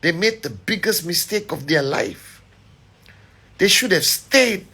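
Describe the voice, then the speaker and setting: A man's voice: high-pitched, lively intonation, slow pace, pushed and bright, slightly rough. A middle-aged man giving a motivational live address as a company leader, emphatic and rallying, often checking in with "all right?".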